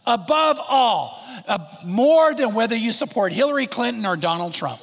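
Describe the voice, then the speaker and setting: A man's voice: high voice, lively intonation, brisk, creaky. A middle-aged male pastor preaching a sermon in a fervent, repetitive cadence. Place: large church hall. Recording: long reverb of a large hall.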